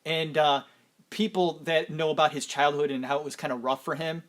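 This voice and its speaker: Man, podcast co-host, casual chat, chuckling, easygoing, slightly high voice. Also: fairly even intonation, fairly quick, a bit bright. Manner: easygoing, chuckles often while talking.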